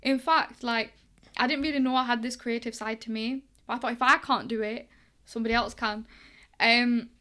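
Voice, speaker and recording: Her pitch runs high and her pace is normal as this young English boxing coach, on as a guest, shares anecdotes in an informal interview. She keeps things lively and conversational, voicing each bit of quoted dialogue.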